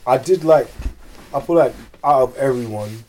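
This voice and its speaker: A man's voice: medium pitch, normal speed, warm tone. A young man, co-hosting a casual podcast chat and rambling through lots of fillers and restarts. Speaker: podcast co-host.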